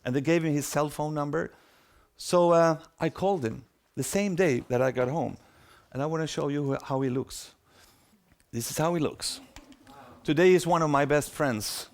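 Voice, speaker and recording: A man's voice: fairly high pitch, normal speed. A middle-aged man, telling a story in a talk and acting out the voices of people in it. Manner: animated, acts out quoted voices. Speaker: speaker.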